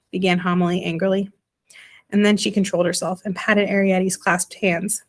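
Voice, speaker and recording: A woman reading a children's novel aloud as narrator, in a gentle, even storytelling manner. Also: mid-range voice, a little fast. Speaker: audiobook reader.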